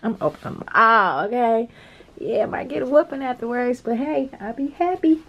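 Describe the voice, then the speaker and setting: Excitable chatty woman with a higher voice. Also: moderate pace, lo-fi sound. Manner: chatty, excitable, calls viewers girl and y'all, laughs often. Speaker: nail art vlogger. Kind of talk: casual unboxing chat to camera.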